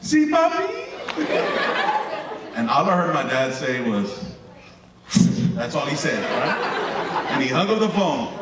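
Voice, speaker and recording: A man doing stand-up storytelling in an animated, lively way, tagging lines with "right?". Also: mid-range voice, measured pace, pauses often, heavy background noise. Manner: animated, lively storyteller with frequent tag questions. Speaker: comedian. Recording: echoey hall from far off with crowd.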